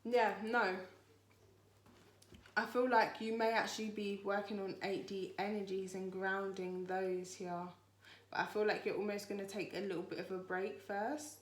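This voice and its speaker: A woman talks through a spiritual card reading with a chatty, reassuring flow, often circling back on herself. Her voice sits at a middle pitch, and the room around her echoes. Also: level tone, normal speed. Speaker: tarot reader.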